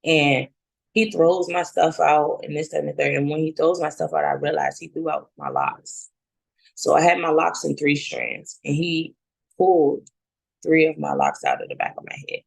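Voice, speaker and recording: Thirties woman, interview guest, gravelly texture, blunt and profane, acts out scenes. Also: sits low, sing-song, normal speed, no echo, low-quality recording. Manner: candid, blunt, swears freely; relives scenes by acting out both sides. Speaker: guest sharing her story. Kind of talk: personal testimony in casual talk.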